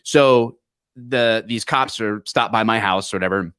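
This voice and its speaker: Relaxed man telling a story. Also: fairly low pitch, unhurried, clean tone, no room sound, clean studio sound. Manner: relaxed, conversational, quotes others in his stories. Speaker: podcast co-host, police officer. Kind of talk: casual chat, storytelling.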